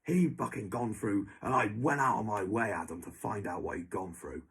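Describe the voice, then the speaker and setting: A man's voice: fairly low pitch, normal speed, creaky, fairly bright tone, a little hiss or hum. A young man, ranting angrily to someone who is not there. He swears heavily and keeps repeating that person's name. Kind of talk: angry monologue to an absent person.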